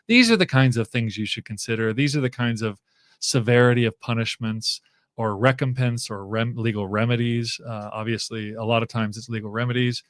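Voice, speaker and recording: A man's voice: mid-range voice, brisk, no echo, clean studio sound. A man speaking as a guest professor in a casual interview, thinking aloud with frequent fillers and restarts.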